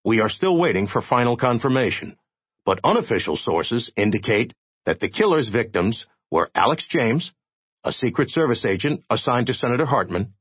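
A man voicing a solemn television news announcer with formal, measured delivery. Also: mid-range voice, very animated, husky, no room sound, highs cut off.

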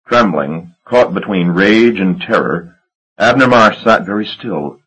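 A man reading a gothic novel aloud as an audiobook narrator, in a measured, dramatic storytelling manner. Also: on the low side, lively intonation, a bit bright, husky, poor audio. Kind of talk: scripted narration.

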